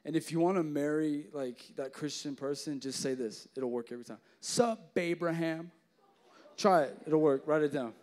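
A man's voice: fairly high pitch, brisk, hardly any pauses. A young man preaching a youth sermon, telling jokes and stories with lots of casual fillers. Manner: joking, animated storytelling with many fillers. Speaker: youth pastor.

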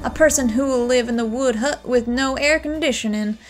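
A woman voicing a fawning male costume shop vendor who calls everyone sir in an odd, drawn-out put-on accent. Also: high voice, close to an everyday voice. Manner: obsequious, ends lines with "sir", odd accent.

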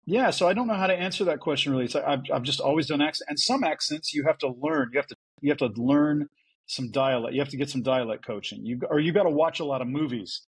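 A man who works as a voice actor, telling stories in a casual podcast interview, animated and full of restarts. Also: on the high side, quick pace, breathy edge, rough recording. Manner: chatty storyteller, animated with restarts. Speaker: voice actor guest.

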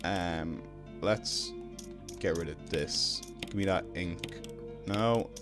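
A young Irish man streaming a video game, chatting casually with his viewers between drawn-out ums. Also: deep voice, music in the background. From Ireland. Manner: laid-back, drawn-out ums, greets chat. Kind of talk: casual live-stream chat while gaming.

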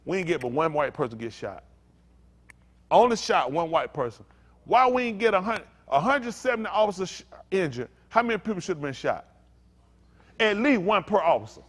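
Fired-up preacher man with a high voice. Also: sing-song, brisk. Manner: swings between shouting outrage and weary low muttering. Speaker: pastor. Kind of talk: impassioned sermon rant.

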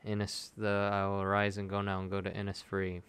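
Streaming gacha pulls live, this young man pleads with the game for good results, then slides into sarcasm. He alternates loud begging with flat muttering in a fairly low voice at a moderate pace, with noise in the background.

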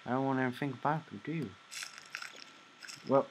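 A man's voice: mid-range voice, fairly even intonation, normal speed, long pauses, breathy edge, poor audio. A young man commenting on a horror game as he plays, jumpy, muttering to the game and then shrieking at scares. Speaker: gamer.

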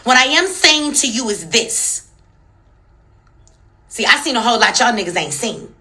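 A young woman launches into a heated commentary rant, her bright, tense voice swinging widely in pitch. She hammers home her points with profanity and pointed rhetorical questions, fierce and emphatic throughout. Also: very animated, normal speed. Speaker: social media commentator.

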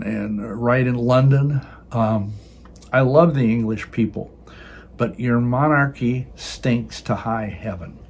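Husky older man preaching. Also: mid-range voice. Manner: emphatic, repeats words when restarting. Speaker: Christian video host. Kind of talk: preaching commentary.

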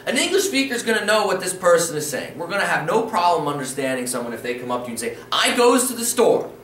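A man's voice: a little high, lively intonation, racing, fairly bright tone, recorded from a distance. Patient male language teacher in an echoey room. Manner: patient, encouraging, repeats rules and checks in with "okay?". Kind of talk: instructional video lesson. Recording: roomy echo, voice a bit off-mic, faint room noise.

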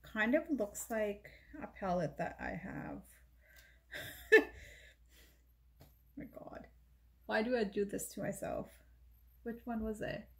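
A woman's voice: medium pitch, lively intonation, takes it slowly, vocal fry, pauses often, a little hiss or hum. A woman beauty vlogger talking casually as she shows her makeup, chatty and rambling, often correcting herself mid-sentence. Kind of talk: casual chat showing makeup.

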